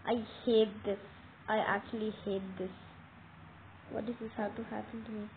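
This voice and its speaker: A woman giving casual game commentary, talking straight to viewers with excitable, dramatic alarm. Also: mid-range voice, moderate pace. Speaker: gameplay commentator. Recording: tinny phone-like audio with faint noise.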